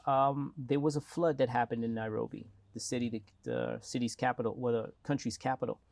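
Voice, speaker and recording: Animated South African man, interview guest. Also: medium pitch, fairly quick, creaky, no room sound. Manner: animated storytelling with lively acted quotes. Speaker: mayoral candidate guest. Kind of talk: casual interview talk.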